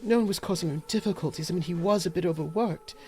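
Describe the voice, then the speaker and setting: A man voicing a grieving, exhausted blacksmith's widow who talks in shaky, hurried bursts. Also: sits high, dark tone, pitched above the performer's own voice, close to an everyday voice.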